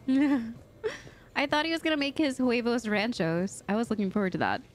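A woman's voice: on the high side, moderate pace. A woman giving giggly, chatty casual commentary while playing a video game. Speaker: let's play streamer.

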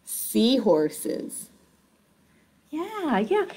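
A woman with a high, light voice leads a children's sing-along activity lesson. She takes her time with each phrase and keeps cheering on the little ones watching at home. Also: wildly swooping pitch, darkish tone, husky. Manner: encouraging, speaks slowly and directly to young children. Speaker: children's program host.

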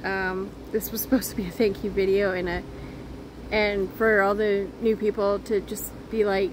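A woman chatting earnestly to her viewers as a crochet vlogger, halting and restarting as she goes. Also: medium pitch, little pitch movement, background noise. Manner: earnest, heartfelt. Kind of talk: casual chat to viewers.

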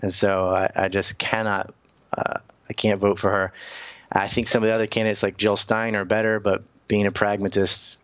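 A man's voice: on the low side, flat delivery, moderate pace, fairly bright tone, clear, resonant tone, dry recording. A male debate guest on a remote call, speaking bluntly and firing off complaints one after another. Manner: blunt, fires off lists of complaints. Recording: dull, dry internet call audio.

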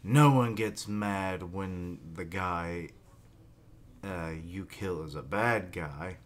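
A man reading as a deadpan young swordsman. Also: low-pitched, slow pace. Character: cool, detached young male swordsman.

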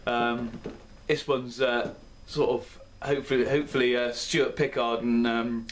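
A man hosts his own beer review in a loose, rambling chat, often poking fun at himself. His voice sits at an ordinary middle pitch. A faint hum of room noise runs behind him. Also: level tone, unhurried. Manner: rambling, chatty, self-deprecating. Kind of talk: casual chat. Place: indoor room at home.

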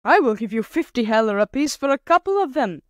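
A woman reader voices a timid, fussy gentleman on a stranded train in a storybook. He frets and exclaims, pitched a little above the narration. The recording is dry and close. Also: big pitch swings, brisk, no echo. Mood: anxious. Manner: anxious, exclaiming. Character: timid male traveler, anxious, fussy.

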